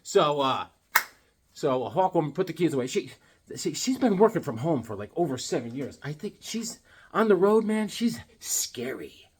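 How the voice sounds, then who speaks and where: Male comic vlogger, high and lively voice, joking and rambling. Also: normal speed, a little hiss or hum. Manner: joking, rambling, animated riffing. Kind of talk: comedic casual monologue.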